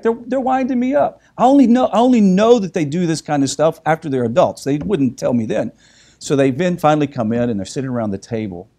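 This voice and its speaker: A middle-aged man tells a personal story to a listening audience, animated and anecdotal, often checking in with a quick "right?". His voice sits at an ordinary pitch, with a mellow, darker tone. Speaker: speaker giving a talk.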